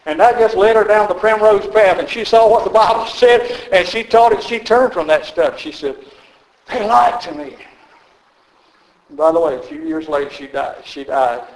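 A man's voice: high-pitched, a little fast, hardly any pauses, darkish tone, echoey room, rough recording. An older man preaching a sermon as pastor, telling stories in a folksy way with frequent chuckles. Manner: storytelling, folksy, chuckles often. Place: church sanctuary.

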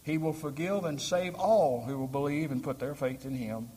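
Man, preacher, sermon, slightly high voice, long hall reverb, emphatic rises. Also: normal speed, breathy edge. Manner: rising to emphatic, forceful peaks, asking the congregation questions.

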